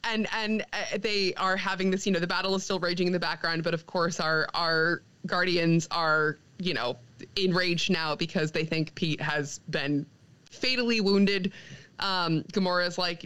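A young woman chats casually on a podcast, retelling a comic's plot with animated energy. Her voice is bright and smooth, and she slips into quick character lines and laughs along the way. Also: low voice, rough recording. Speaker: podcast co-host recapping a comic. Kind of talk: casual chat.

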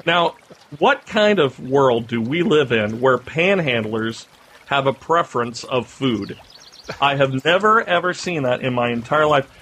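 Male podcast co-host, mid-pitch, animated casual storyteller, faint background noise. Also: slow, long pauses. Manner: animated storyteller, rising pitch when excited.

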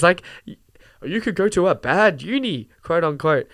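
A man's voice: fairly high pitch, moderate pace, no echo. A young man hosting a podcast, ranting casually, with lots of fillers and some swearing. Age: young adult. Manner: animated, swears, frequent fillers and laughs. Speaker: podcast host. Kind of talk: casual rant.

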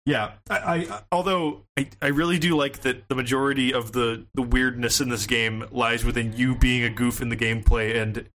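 A man's voice: mid-range voice, normal speed, few pauses. A man co-hosting a casual podcast, telling stories with lots of laughter and swearing. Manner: laughing, animated storytelling with profanity. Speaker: podcast co-host.

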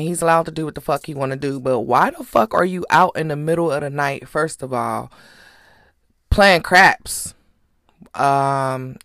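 A woman's voice: low voice, a bit bright, dry recording, studio quality. A woman hosting a podcast, giving blunt, profane casual commentary. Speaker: podcast host.

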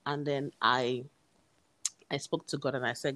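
A woman's voice: extremely low pitch, little pitch movement, measured pace, pauses often, fairly bright tone, dry recording. A woman, earnestly retelling a personal story and acting out the dialogue. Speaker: guest telling her story.

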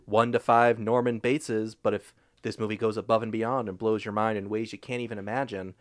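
Low-voiced young man, enthusiastic podcast host. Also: brisk. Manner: animated, enthusiastic, swears freely. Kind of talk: casual chat.

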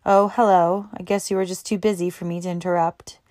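A woman's voice: on the low side, level tone, moderate pace, darkish tone, no room sound, close to an everyday voice. Woman doing a sulky young woman. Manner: sulky, curt. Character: grumpy young woman student.

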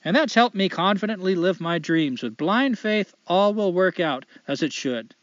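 A man's voice: high voice, expressive, normal speed, no room sound, dull audio. A man doing a folksy Canadian drifter woman. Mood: cheery. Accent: light put-on Canadian. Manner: folksy, cheerful letter reading with tag questions. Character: adventurous female drifter writing in, folksy and upbeat.

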